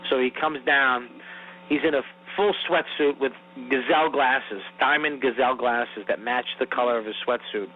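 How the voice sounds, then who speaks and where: A man's voice: medium pitch, normal speed, slight background noise. A man co-hosting a comedy podcast who tells a rambling, profane story full of restarts. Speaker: podcast co-host. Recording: tinny phone-like audio.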